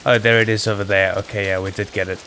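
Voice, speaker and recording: A man's voice: lowish voice, little pitch movement, fast, sharp tone, slight background noise, rough recording. Chatty man rambling over gameplay. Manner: rambling, chatty, friendly asides. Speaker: gaming channel host. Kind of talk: casual gameplay commentary.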